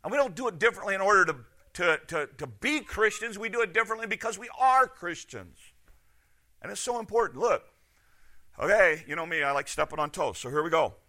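A man delivers a lively sermon, firing off rhetorical questions. His voice sits a little high and rings bright and forceful, rising to loud points and dropping to hushed asides. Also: brisk. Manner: animated, rhetorical questions, swings between loud and soft. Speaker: pastor.

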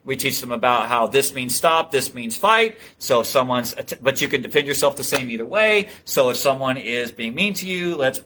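A man's voice: mid-range voice, lively intonation, normal speed, hardly any pauses, sharp tone, a little hiss or hum. A man who teaches martial arts, talking earnestly in a casual interview with many restarts. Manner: earnest, storytelling, frequent restarts.

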